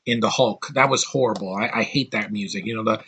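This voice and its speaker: A man's voice: lowish voice, fast, bright, forceful tone, a little hiss or hum. A man giving a casual, rambling movie review, with lots of fillers and restarts.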